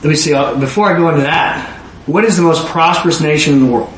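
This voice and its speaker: A man's voice: fairly high pitch, fast. A man giving a rambling sermon testimony, often repeating words as he restarts his sentences. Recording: echoey room with faint noise.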